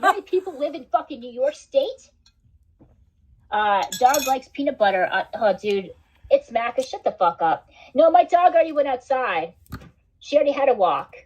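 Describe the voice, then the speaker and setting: A woman's voice: high voice, big pitch swings, normal speed, husky. A woman hosting a casual livestream, rambling and swearing, with "like" and "dude" in most sentences. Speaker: livestream host. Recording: dull lo-fi stream audio.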